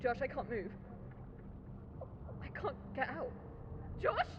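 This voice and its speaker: An actress playing a panicked, trapped young woman in a game, shouting and sobbing. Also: high-pitched, very animated, takes it slowly, highs cut off, background noise, exaggerated voice. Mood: terrified.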